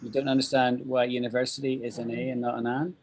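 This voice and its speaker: A man teaching an online English class, upbeat and thinking out loud as he explains. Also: medium pitch, level tone, fast, slight background noise, poor audio.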